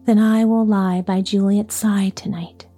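A woman's voice: mid-range voice, little pitch movement, unhurried, husky, faint music behind. A woman reading a heartbroken young lover. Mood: grieving. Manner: soft, sorrowful.

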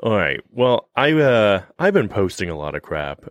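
A man co-hosting a casual podcast chat, rambling and joking in an animated way. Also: on the low side, normal speed, no room sound. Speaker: podcast co-host.

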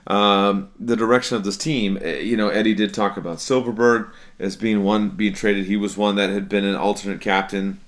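A man's voice: deep voice, a bit bright. A man hosting a sports podcast, talking casually with frequent fillers and restarts. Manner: conversational, many fillers and restarts. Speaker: podcast host.

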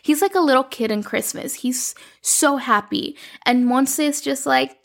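Chatty woman recapping a story, gravelly edge. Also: on the high side, unhurried. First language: Spanish. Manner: chatty, animated, acts out characters' lines in quotes. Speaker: podcast host recapping a telenovela. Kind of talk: casual recap chat.

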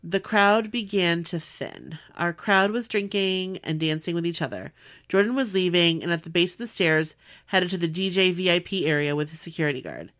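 A woman podcast host in casual chat, reading a listener's letter aloud with animated warmth. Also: lowish voice, moderate pace. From Southern California. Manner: warm, animated reading with laughs.

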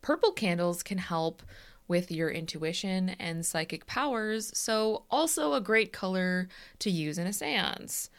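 A young woman co-hosting a casual podcast, explaining a topic from notes in a dry, deadpan way. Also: lowish voice, a little slow, clear, resonant tone. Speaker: podcast co-host.

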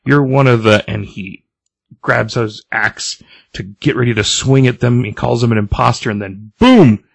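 A man's voice: mid-range voice, measured pace, gravelly, slightly rough, no room sound. A man on a comics podcast casually retelling a comic's plot and reading out its characters' lines. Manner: animated retelling, reads out character lines loosely. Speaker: podcast co-host recapping a comic. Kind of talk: casual chat, retelling a story.

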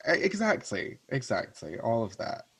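Scottish guest, Glasgow accent, chatty and self-deprecating, mid-pitched, heard over a video call. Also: male voice, huge pitch swings, moderate pace, a bit bright, slightly rough. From Scotland. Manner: chatty, self-mocking, swears casually. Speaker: guest, drag performer. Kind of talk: casual chat.

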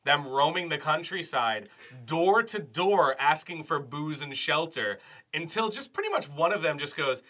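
Podcast co-host, man, very bright voice, rambling jokey delivery. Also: a little high, sing-song, unhurried. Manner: rambling, filler-heavy, jokey. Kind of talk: casual chat.

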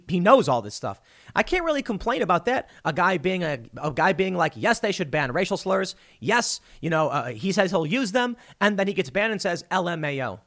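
A man's voice: sits high, pushed and bright. A man delivering solo political commentary, arguing emphatically and reading out news quotes.

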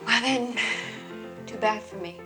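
An actress playing a young woman, quiet and resigned, in a 1970s film scene. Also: fairly high pitch, a little slow, over music, natural voice.

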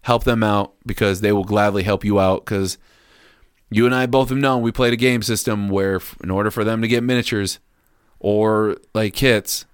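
A man's voice: lowish voice, steady tone, moderate pace, clear, resonant tone, no echo, clean studio sound. A man co-hosting a podcast in casual chat, crude and joking, swearing often. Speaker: podcast co-host.

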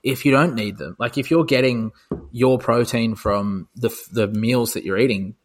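Young male co-host, loose rambling chat, frequent swearing, mid-pitched voice. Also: normal speed. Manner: rambling, swears freely, many fillers and restarts. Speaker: podcast co-host. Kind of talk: casual chat.

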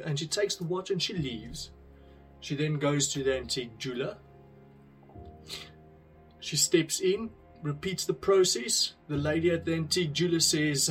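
A man's voice: on the high side, normal speed, a bit bright, soft background music. A man giving an earnest, conversational devotional talk, telling a parable and then drawing a lesson from it. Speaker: speaker sharing a devotional message.

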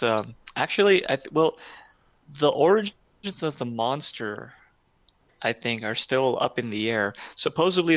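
A man's voice: medium pitch, no echo, muffled recording. A man co-hosting a podcast in casual chat, rambling and enthusiastic with many fillers.

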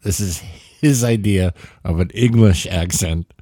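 A man hosting his own show, giving sardonic, deliberate recommendations with the odd laugh. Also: sits low, dark tone, faint music behind. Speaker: podcast host. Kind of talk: casual comedic monologue.

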